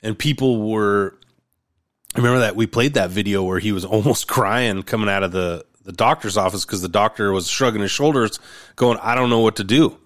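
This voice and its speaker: Low-voiced blunt male podcast host. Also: moderate pace, fairly bright tone, no room sound, clean studio sound. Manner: blunt, wry, swears freely. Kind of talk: casual chat.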